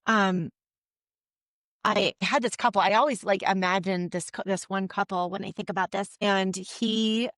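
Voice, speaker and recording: Therapist américaine, ton vif et explicatif, voix sèche et proche du micro. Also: female voice, medium pitch, normal speed, no room sound. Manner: lively, explains with acted-out examples and restarts. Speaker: couples therapist, guest. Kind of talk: explanatory interview talk.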